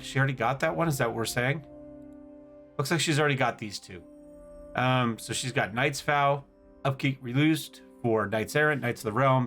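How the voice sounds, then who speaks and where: A man's voice: medium pitch, a bit bright. A man hosting a casual let's-play, thinking aloud as he plays and often stumbling over words. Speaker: gaming channel host.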